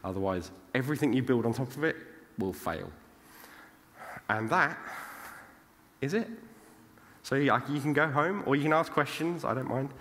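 Speaking at normal speed with long pauses, a British man with a mid-range, slightly bright voice gives an informal talk in a big conference hall. The recording has long reverb and a little hiss or hum, and he chats along, frequently adding "right?".

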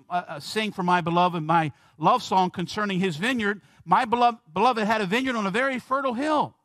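A man preaching a sermon in a church as pastor, slowing down and stressing key words and asking the congregation questions. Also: high-pitched, a bit bright, no echo, clean studio sound.

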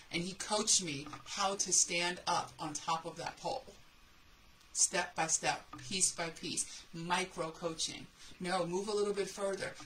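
Bright-voiced woman telling a motivating story. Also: on the low side, slight background noise, low-quality recording. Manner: animated storytelling, acting out her own fear and the coach's calm replies. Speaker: book coach.

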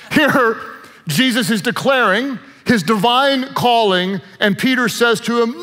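A man's voice: sits high, normal speed, long reverb tail. A man preaching a sermon as pastor, telling stories with joking asides. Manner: animated storyteller, joking asides.

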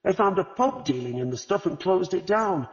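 A man's voice: high voice, expressive, normal speed, voice pushed up. A grieving working mother, bitter and close to tears, her voice lifted and rising and falling widely, as a male narrator puts her on. The audio is dull and lo-fi, in a long-echoing space. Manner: bitter and tearful.

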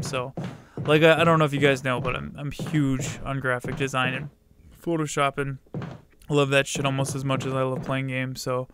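A young man streaming a game, chatting casually with viewers, swearing freely and shouting at the game. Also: medium pitch, flat delivery, moderate pace, background noise. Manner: profane, chatty, outbursts at the game, greets viewers. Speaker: let's play streamer. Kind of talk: casual live-stream gaming commentary.

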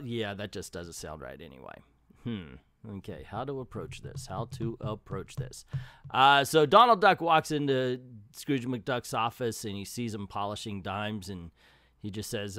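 A man's voice: medium pitch, very animated, normal speed, fairly bright tone, no room sound, clean studio sound. A man casually reviewing an old comic book, chatty and wry, with self-deprecating asides.

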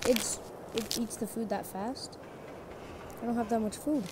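A woman's voice: on the high side, fairly even intonation, measured pace. Playful young woman narrating her gameplay. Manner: playful, talks to the animals in the game, jumps between loud and quiet. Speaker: gamer. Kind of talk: casual gameplay commentary. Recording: loud background noise.

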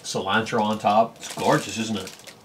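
Male food vlogger, lower register, chatty and appreciative while tasting dishes. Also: steady tone, moderate pace, a little hiss or hum. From California. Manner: chatty, savoring bites with lots of mm and oh. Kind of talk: casual food review vlog. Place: home in Japan.

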